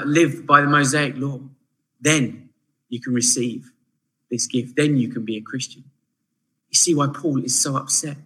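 Guy giving a sermon, high voice, really bright and sharp, goes quiet then punchy. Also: rough recording. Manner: animated, swings from hushed to emphatic. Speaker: preacher.

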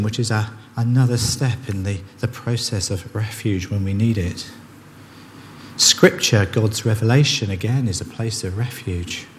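A man's voice: medium pitch, darkish tone. A man preaching a sermon in an earnest, conversational way, often restarting his sentences. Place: church. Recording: long reverb of a church hall, faint ambience.

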